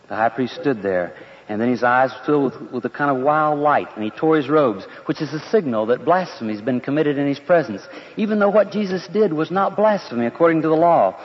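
A man's voice: on the high side, lively intonation, fairly quick. Earnest man telling a story. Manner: earnest, conversational. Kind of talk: first-person dramatic storytelling. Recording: dull lo-fi with long reverb.

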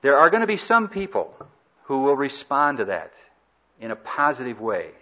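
A man's voice: mid-range voice, big pitch swings, moderate pace, bright, forceful tone. Male preacher, earnest sermon, emphatic swells, slightly dull lo-fi sound.

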